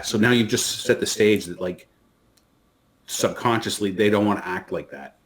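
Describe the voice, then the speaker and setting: A man's voice: lowish voice, fairly even intonation, a little fast. A man co-hosting a podcast, chatting casually and rambling through a story with lots of restarts. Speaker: podcast co-host. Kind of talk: casual chat.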